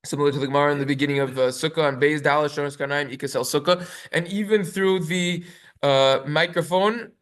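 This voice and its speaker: Quick-talking rabbi teaching a class. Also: male voice, a little high, steady tone, fairly bright tone. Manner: quick, reads sources aloud in Hebrew then translates with many fillers. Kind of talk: halachic lecture.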